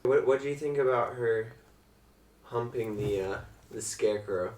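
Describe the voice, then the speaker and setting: A man's voice: mid-range voice, normal speed, a little mellow. A man off camera asking teasing, dry questions of a film reviewer. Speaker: off-camera interviewer. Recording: roomy, off-mic, faint hiss.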